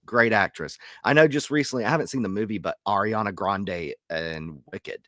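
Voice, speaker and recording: A man co-hosting a casual podcast chat, laughing easily as he tells his stories in a lively way. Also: lowish voice, normal speed, no echo, studio quality. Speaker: podcast co-host.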